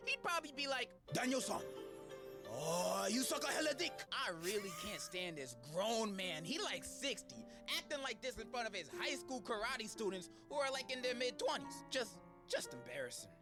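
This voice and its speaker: Man, mocking comedic rant, high lively delivery, music bed. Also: normal speed, few pauses. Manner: sarcastic and slangy, mocking. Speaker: video commentator. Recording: background music under the voice.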